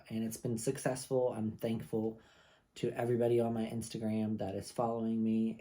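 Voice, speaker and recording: A man's voice: lowish voice, mellow. A man in his mid-thirties reviewing fragrances in casual, rambling home-studio chat with frequent asides. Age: 30s.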